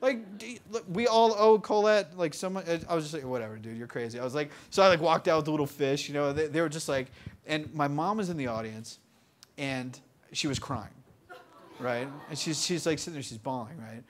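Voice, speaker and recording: A man in his twenties telling stories in a casual interview, animated, full of fillers and laughing often. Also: on the high side, brisk. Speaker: interview guest. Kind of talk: casual storytelling. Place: bookstore event.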